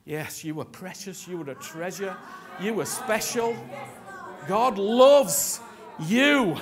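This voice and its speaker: A man's voice: high-pitched, lively intonation, a crowd in the background. A man preaching a sermon, impassioned and emphatic, urging his congregation to respond and repeat after him. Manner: slow and emphatic, with sudden loud peaks.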